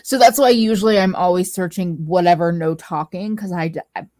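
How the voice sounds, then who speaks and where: Halting, playful woman in dry sound. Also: fairly low pitch, darkish tone, no echo. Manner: halting, many restarts and "like"s, playful. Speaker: guest friend. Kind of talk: casual chat with a friend.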